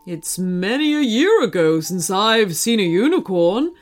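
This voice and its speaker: A proud winged white horse speaks with forceful, stately dignity in a children's storybook, as a woman puts it on. The voice swings up and down expressively and moves at an unhurried pace. Soft music plays underneath. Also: medium pitch, big pitch swings.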